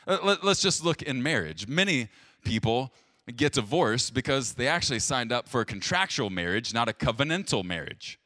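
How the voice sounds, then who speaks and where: A man preaching a sermon to viewers, emphatic and plain-spoken, dropping to hushed low lines between loud stresses. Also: sing-song, normal speed, no room sound, studio quality. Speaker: pastor.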